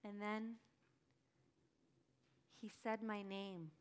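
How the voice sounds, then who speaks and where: A woman acting a grieving early follower in a first-person dramatic monologue, telling it breathlessly and crying out in high bursts. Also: fairly even intonation, very slow, smooth. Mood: wondering. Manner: emotional, breathless storytelling, cries out in high bursts. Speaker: church dramatic monologue performer.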